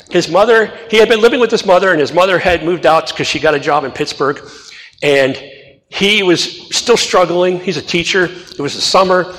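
A man's voice: sits high, moderate pace, fairly bright tone, big-room sound, rough recording. A man from the Midwest, a pastor, reads scripture and then tells stories in an earnest sermon with light humor.

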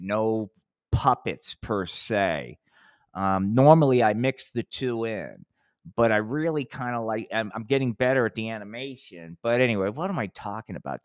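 A man's voice: on the low side, dry recording, clean studio sound. A man hosting a live podcast, talking in a rambling, profane way and often restarting his sentences. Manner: rambling, profane, self-interrupting. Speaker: podcast host.

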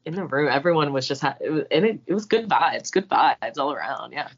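A woman guest on a podcast, chatting in a lively, friendly way. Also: low voice, fairly quick, lo-fi sound. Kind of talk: casual chat.

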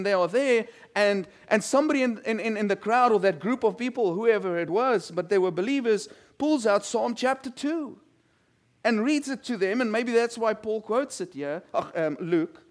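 With a high, expressive voice at an ordinary pace, the male preacher reads scripture and gives his sermon. His delivery is conversational, full of questions aimed at the congregation, and he repeats words.

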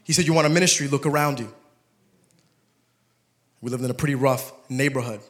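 A young man preaching a sermon, telling stories with humor and turning soft and emotional. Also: mid-range voice, fairly quick.

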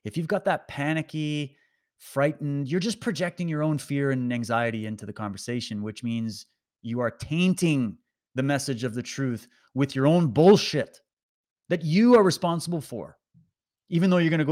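A man's voice: a little high, normal speed, darkish tone. A man delivering an impassioned, preachy motivational monologue to his audience, urging and exhorting them. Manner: preachy, exhorting, rising to emphatic peaks. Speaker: online commentator.

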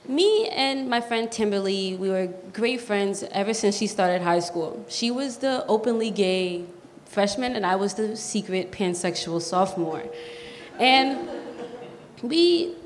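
Young woman telling a story on stage. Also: a little high. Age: young adult. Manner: animated, playful, acts out quoted voices. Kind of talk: live storytelling performance. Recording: long hall reverb, faint noise.

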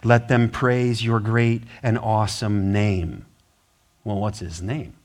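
An American man preaching a sermon as pastor, stressing words by repeating them and swinging from loud bursts to low, hushed passages. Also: little pitch movement, slow.

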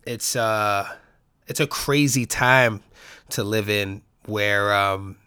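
A man from the Bronx with a New York accent, hosting a casual solo podcast in a rambling, profane, animated way. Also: lowish voice, slow pace, smooth, no room sound, studio quality. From the Bronx, New York City. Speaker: podcast host.

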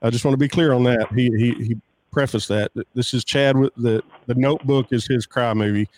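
A man co-hosting a podcast in casual chat, relaxed and keeping the talk moving. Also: medium pitch, a little fast, a little hiss or hum. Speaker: podcast co-host.

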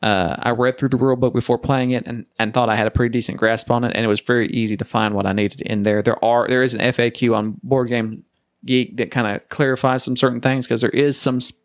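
Casting note: male co-host, mid-pitched voice, casual board game chat, rambling delivery. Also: flat delivery, fast talker, no echo, studio quality. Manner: rambling, loses his thread and restarts. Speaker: podcast co-host.

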